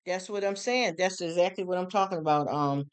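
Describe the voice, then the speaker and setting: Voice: mid-range voice, fairly quick, smooth. Middle-aged livestream host: frank, emphatic, talks straight to viewers and repeats key points. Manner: emphatic, frank and repetitive, with rhetorical questions. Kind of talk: casual livestream chat answering viewers. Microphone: streaming setup.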